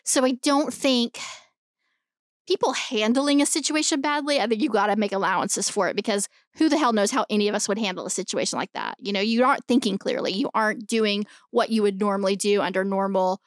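A woman co-hosting a podcast in casual chat, animated and swearing freely as she argues her point. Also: medium pitch, a little fast, no room sound, studio quality. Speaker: podcast co-host.

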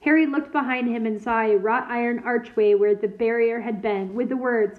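A woman reading a children's novel aloud in a steady, clear storytelling manner. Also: fairly high pitch, moderate pace. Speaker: reader. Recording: tinny phone-like sound.

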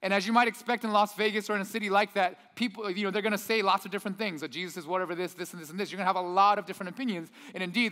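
Animated man preaching in a reverberant hall. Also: sits high. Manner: animated storyteller, acts out quotes. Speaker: pastor. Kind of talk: sermon.

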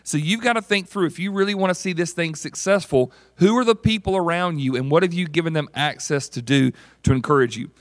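Animated pastor, dry close sound. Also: male voice, fairly high pitch, fairly quick, few pauses, no echo. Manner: conversational, animated, asks the congregation questions. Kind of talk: sermon.

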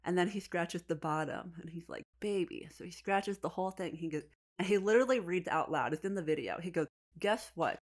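A woman's voice: on the low side, fast. A pregnant woman chatting casually, telling a family story animatedly and laughing often. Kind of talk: casual chat.

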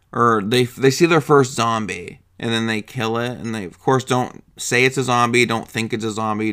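A man's voice: mid-range voice, bright, forceful tone, clear, resonant tone. A man chatting casually about a movie, rambling and swearing, often laughing and acting out lines in put-on voices. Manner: acts out quotes in put-on voices.

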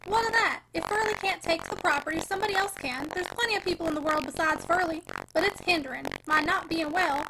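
A woman reading the lines of an ailing, bewildered old miller father with a sharp, agitated temper. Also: very high voice, huge pitch swings, quick pace, vocal fry, hardly any pauses, noisy background, full character voice. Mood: angry.

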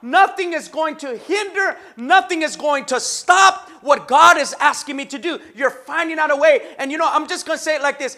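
A man preaching a sermon with impassioned, rhythmic repetition, rising to shouts. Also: extremely high pitch, lively intonation, brisk, hardly any pauses. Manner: rhythmic repetition, call-and-response. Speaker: pastor.

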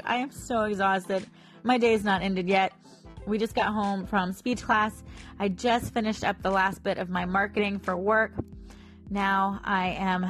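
A woman in her thirties talks casually to her audience, wandering from point to point with plenty of fillers. Her pitch sits in a middling range. Soft music plays faintly in the background. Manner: rambling and chatty, with frequent fillers. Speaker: vlogger and small business owner. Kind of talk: casual chat to camera.

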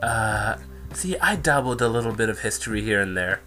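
A man voicing an old German neighbor, quoting him slowly in a raised voice with a hint of a thick German accent. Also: on the low side, animated, pushed and bright, faint music behind. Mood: patronizing.

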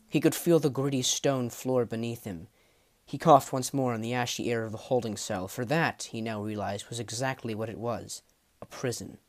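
Man reading a dark fantasy tale. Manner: measured, dramatic reading that drops low at phrase ends. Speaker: audiobook narrator. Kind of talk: storybook narration.

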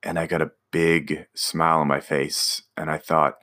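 Man, very low voice, casual storyteller, rambling. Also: flat delivery, moderate pace, hardly any pauses, pushed and bright. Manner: rambling, many fillers and restarts. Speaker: storyteller recounting a driving job.

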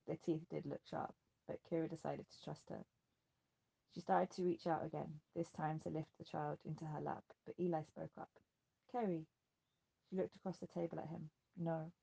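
Gravelly woman reading a novel. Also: low-pitched, flat delivery, fairly quick, warm tone. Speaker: audiobook narrator. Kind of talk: scripted narration.

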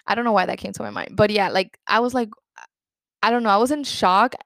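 A young woman hosts a podcast with a personal storytelling monologue, candid and rambling, leaning heavily on "like" and dropping in a few Spanish words. Her voice is medium-pitched, quick, gravelly and fairly bright, with no room sound.

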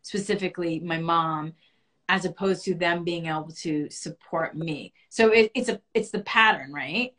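A woman earnestly and reflectively telling a personal story as a guest in a conversation. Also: a bit bright. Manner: earnest and reflective, rising high and fast when reliving panic.

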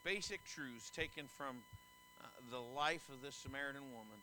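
A middle-aged man preaching a sermon, emphatic and animated, with folksy asides and stories. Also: medium pitch, moderate pace, slight background noise, poor audio. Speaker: pastor. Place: church sanctuary.

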